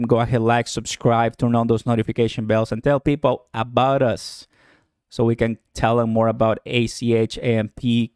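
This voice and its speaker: A man's voice: mid-range voice, darkish tone, smooth, no echo, studio quality. A young man from Puerto Rico with a Puerto Rican Spanish accent, hosting a casual livestream and upbeat as he reads out viewer comments. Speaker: livestream host.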